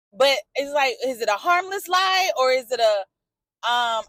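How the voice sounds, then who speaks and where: A woman's voice: high-pitched, expressive, normal speed, a bit bright, no room sound. A woman talking candidly in a personal vlog from her car, emotional and outspoken, swearing and answering back to a story she follows. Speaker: vlogger.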